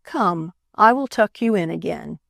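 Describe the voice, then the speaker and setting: A woman voicing a gentle mother reassuring her child at night. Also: fairly low pitch, expressive, a little slow, gravelly, no room sound, clean studio sound. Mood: soothing.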